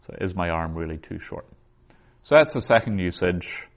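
A man giving a methodical grammar lecture, pausing to sound out Hebrew phrases slowly. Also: sits low, expressive. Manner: slow, methodical, reads Hebrew aloud syllable by syllable. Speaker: biblical Hebrew teacher.

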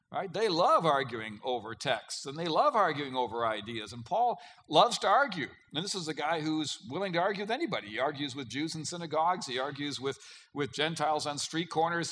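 A man preaching with a lively, swinging delivery and a bright, forceful tone. He talks conversationally, with hesitant fillers, then presses on key words. A faint hum of the room sits behind him. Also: medium pitch. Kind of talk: sermon.

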